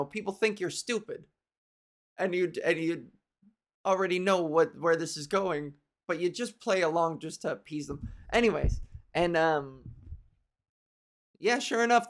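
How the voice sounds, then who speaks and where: A woman comedian riffing alone on her podcast in a rambling, sarcastic, profane way, laughing between tangents, recorded in her bedroom. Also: on the low side. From Canada. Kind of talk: solo comedic monologue.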